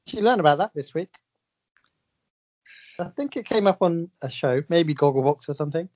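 A man's voice: on the high side, lively intonation, moderate pace, darkish tone. A man co-hosting a podcast in casual chat, dry and self-mocking, often chuckling. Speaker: podcast co-host. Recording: dull lo-fi podcast audio.

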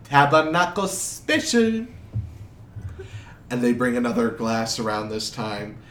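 A man narrating a tabletop game as game master, unhurried and amused. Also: on the low side, flat delivery, recorded from a distance. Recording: roomy, noisy.

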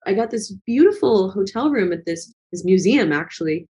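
A woman's voice: mid-range voice, lively intonation, normal speed, dark tone. Earnest woman guest musing aloud. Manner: earnest, reflective, many fillers. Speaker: guest, travel vlogger. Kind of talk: casual conversation.

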